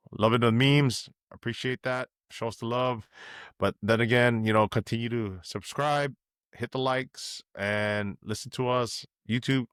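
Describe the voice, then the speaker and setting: A man's voice: mid-range voice, fairly bright tone, clean tone, dry recording, clean studio sound. A man co-hosting a wrestling podcast in an easygoing chat, full of fillers, hyping wrestlers and thanking viewers. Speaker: podcast co-host.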